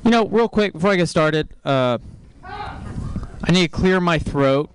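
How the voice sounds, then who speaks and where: A man from Texas doing stand-up, delivering deadpan one-liners and breaking into sudden shouts. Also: high-pitched, measured pace, a little hiss or hum. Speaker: stand-up comedian. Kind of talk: stand-up comedy set.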